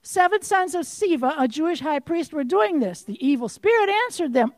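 A woman with a high voice preaches a fervent sermon, pressing questions on her listeners and building to forceful outbursts. The sound is close and dry, with no room around it. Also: expressive, normal speed, hardly any pauses, no room sound. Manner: impassioned, rising to forceful outbursts.

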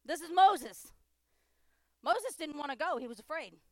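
A woman pastor preaching a sermon, driving home repeated declarations and swinging between loud proclamations and hushed asides. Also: high voice, expressive, a little slow, no echo, clean studio sound.

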